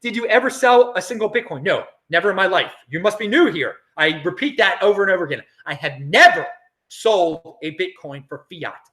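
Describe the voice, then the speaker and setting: A middle-aged American man hosting a casual livestream, reading viewer comments in an animated, chatty way with frequent laughs and restarts. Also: high voice, brisk. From United States. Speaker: crypto livestream host.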